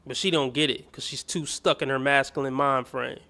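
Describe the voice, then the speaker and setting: A man's voice: mid-range voice, steady tone, fairly quick, creaky, bright, forceful tone. A man hosting a commentary stream, reacting bluntly and scornfully to clips, with some profanity. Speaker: host.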